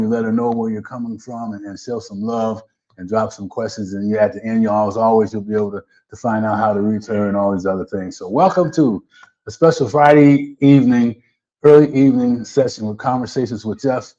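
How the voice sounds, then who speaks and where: A man's voice: mid-range voice, darkish tone, muffled recording. A man hosting a live online talk show, speaking energetically and often checking in with the audience with "right?". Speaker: host.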